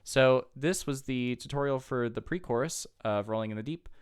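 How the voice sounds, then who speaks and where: The guitar teacher speaks at medium pitch and normal speed in a clear, resonant voice, patiently explaining chords and counting beats aloud during a casual lesson. Loud guitar music runs underneath.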